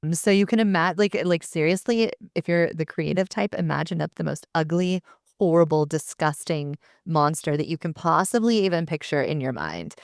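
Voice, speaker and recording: A woman with a low, gravelly voice chats on a podcast, blunt and animated and quick to curse. The sound is dry and close. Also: no room sound. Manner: animated, blunt, swears freely. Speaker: podcast co-host. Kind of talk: casual podcast chat.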